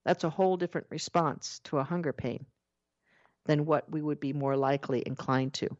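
A woman with a deep, low voice gives a spiritual talk to her listeners. She is expressive, playing out everyday inner voices and drawing out her key words. The recording sounds a little dull and lo-fi. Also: moderate pace. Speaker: spiritual teacher.

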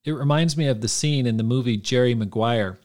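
A man hosting a podcast, reading aloud from his own book in an earnest, measured way. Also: medium pitch, a little mellow. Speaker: podcast host.

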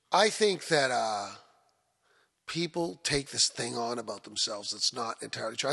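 A man in his sixties speaks with a Southern Ontario accent, telling stories in a loose interview chat. His voice is gravelly and husky with a bright, edgy tone. He rambles, repeats phrases and rushes into animated bursts. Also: mid-range voice. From Canada. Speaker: musician guest.

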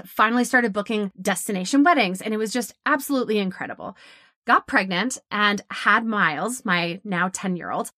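A woman in her thirties tells her own story on a podcast at a medium pitch, and her delivery is lively and full of quick laughs. She acts out the lines she quotes from other people. The sound is dry and close, with no room around it. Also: dry recording. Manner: animated, laughs often, acts out quoted dialogue. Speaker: podcast host. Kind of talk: personal storytelling monologue.

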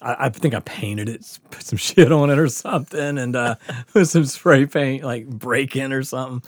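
Man, middle-aged, podcast host, casual storytelling, swears a lot, laughs along, average pitch, dry close sound. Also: normal speed, dry recording. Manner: rambling, profane, laughs through his story.

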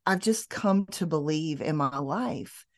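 A woman guest author speaks earnestly and reflectively, pausing and restarting as she thinks. Her voice is very low for a woman, recorded close and dry. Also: animated, no room sound. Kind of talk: earnest conversational sharing.

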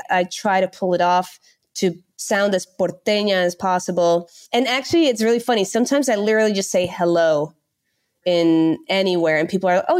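A young woman from the Netherlands, chatting as a podcast guest in an animated, laughing storytelling way. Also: medium pitch. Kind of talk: casual interview chat.

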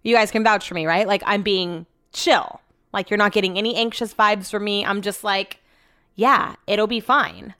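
A young woman rambles to her viewers in a loose, chatty way, peppering everything with filler words and the odd swear. Her voice sits at an ordinary middle pitch. The sound is dry and close, with no room around it. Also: steady tone, normal speed, fairly bright tone, smooth, no echo. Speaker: vlogger. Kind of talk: casual chat to viewers.

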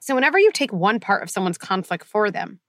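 Woman host on a podcast, talks lively n emphatic, mid pitch, dry close sound. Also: quick pace, dry recording. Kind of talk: conversational podcast talk.

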